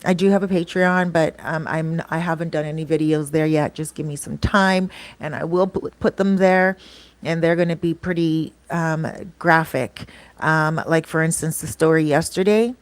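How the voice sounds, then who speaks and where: A woman's voice: low-pitched, fairly even intonation, normal speed, no room sound. A woman vlogger telling stories in a casual chat, rambling with lots of fillers and acting out what people said. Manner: chatty, rambling, acts out quoted dialogue; frequent fillers like um and you know. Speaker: vlogger and channel host.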